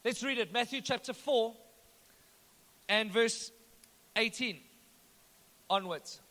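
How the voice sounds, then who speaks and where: Bright high-voiced pastor. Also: male voice, slow. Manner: storytelling with joking asides. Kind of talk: sermon. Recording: echoey hall.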